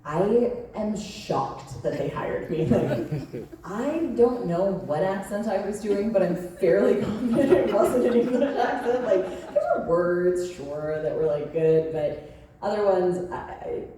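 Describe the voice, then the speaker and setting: Recorded far away in an echoey large convention hall with crowd noise, a woman in her thirties speaks in a mid-range voice at a slightly slow pace. As a panel guest actress, she tells stories in a chatty, laughing way, using "like" constantly.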